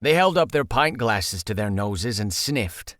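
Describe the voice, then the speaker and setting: Male narrator, lively pitch, dry studio sound, wry conversational telling. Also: a little slow, dry recording. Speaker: audiobook narrator. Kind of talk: first-person audiobook narration.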